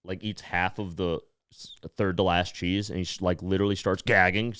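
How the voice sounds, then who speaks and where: A young man spins a comedy podcast story with a smooth, clear voice, slipping into quick put-on voices for the people in it. The sound is dry and close, with no room around it. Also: low voice, dry recording. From United States. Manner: animated storyteller, quoting others in lively put-on voices. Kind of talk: casual storytelling chat.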